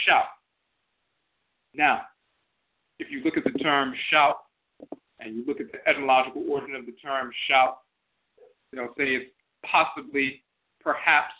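A man hosting an internet radio show, lecturing in a didactic, emphatic way and repeating key phrases. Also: medium pitch. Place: internet radio broadcast by phone. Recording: tinny phone-line audio.

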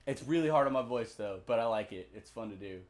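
A man's voice: mid-range voice, expressive, fast talker. A young man casually commenting while he plays a video game, swearing often and chatting with viewers. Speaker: gaming video host.

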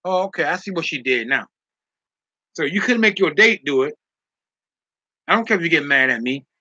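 Casual male streamer reading chat; teasing, laughs a lot; sharp tense tone on a dull lo-fi mic. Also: fairly high pitch, lively intonation, moderate pace, husky, no room sound. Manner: teasing, joking, laughs often.

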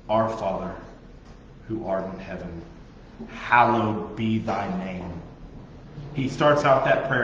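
A man preaching to a youth group, joking and animated, mimicking people's prayers. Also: mid-range voice, slight background noise. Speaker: youth pastor. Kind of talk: sermon. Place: youth group meeting room. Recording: echoey dull room recording.

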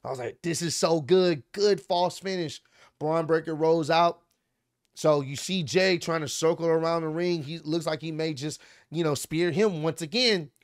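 A young man casually recapping a wrestling match, animated and excitable, with slang and swearing. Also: a little high, unhurried, clear, resonant tone, no room sound, clean studio sound.

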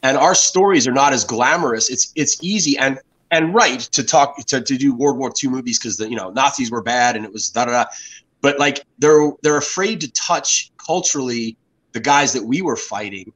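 A man's voice: mid-range voice, normal speed, fairly bright tone, low-quality recording. An American man in his fifties, a guest telling rambling stories in a casual interview, often restarting his sentences. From United States. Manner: rambling storyteller with frequent restarts.

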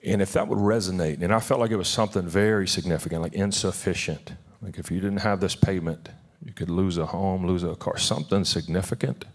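Man, very low voice, pastor, informal heartfelt sermon, rambling restarts, church service. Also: steady tone, brisk, hardly any pauses. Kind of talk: sermon and prayer. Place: church sanctuary.

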